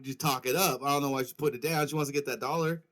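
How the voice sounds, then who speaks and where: A man's voice: mid-range voice, fairly even intonation, fast, fairly bright tone. A man co-hosting a casual gaming chat show, chiming in with jokey remarks. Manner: jokey interjections. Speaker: podcast co-host.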